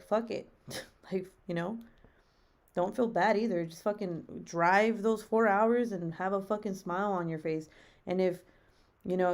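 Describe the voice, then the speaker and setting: A woman's voice: fairly low pitch, gravelly, a little mellow. A young adult woman hosting a live stream, chatting casually with viewers, swearing freely and laughing often. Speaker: livestream host reading viewer chat.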